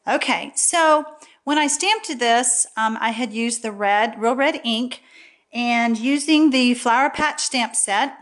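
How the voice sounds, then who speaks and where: A woman's voice: on the high side, slow pace, fairly bright tone. A woman demonstrating a paper craft in a casual, chatty tutorial, often checking in with "okay?". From Texas.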